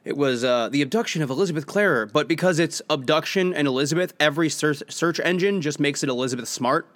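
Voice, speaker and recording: A young man with a somewhat high voice, bantering on a casual podcast. He jokes around and swears freely in loose, chatty talk. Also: a bit bright. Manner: joking, profane, quick banter. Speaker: podcast co-host. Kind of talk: casual stoner podcast chat.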